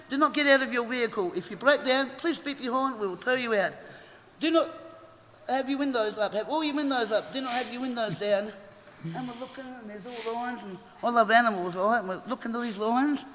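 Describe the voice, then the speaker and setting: A middle-aged Australian woman with a fairly bright, somewhat high voice delivers a rambling, chatty eulogy, laughing through her anecdotes. She's speaking in a funeral hall, and the recording is echoey with faint noise.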